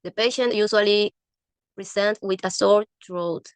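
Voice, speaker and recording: A woman reads a medical English textbook aloud at a slow, careful pace, stumbling and restarting words as she goes. Her voice is smooth and clear. It sounds dry and close. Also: medium pitch, fairly even intonation, dry recording. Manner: halting, frequent restarts on words. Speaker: student reading a textbook aloud.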